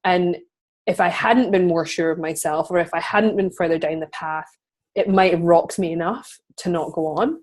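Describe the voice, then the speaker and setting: A woman's voice: on the low side, normal speed, a little mellow. A woman hosting an interview, telling stories in a chatty, casual way with lots of fillers. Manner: chatty storytelling with frequent fillers and laughs. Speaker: podcast host interviewing a guest.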